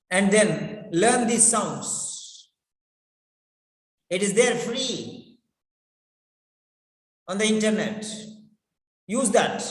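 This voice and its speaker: A man teaching English pronunciation in a classroom lecture, deliberately repeating words over and over so listeners can drill them. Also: high voice. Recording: echoey room with long reverb.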